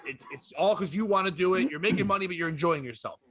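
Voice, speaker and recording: A man's voice: sits high, fast, a bit bright, slightly rough, no echo. A man bantering on a comedy podcast, rambling and joking with frequent laughs.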